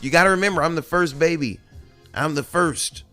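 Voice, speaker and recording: A man's voice: on the high side, normal speed, fairly bright tone, clean tone, soft background music. A man and father, hosting a podcast, talking in a candid, profane, rambling monologue with many restarts. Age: adult with children. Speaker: podcast host.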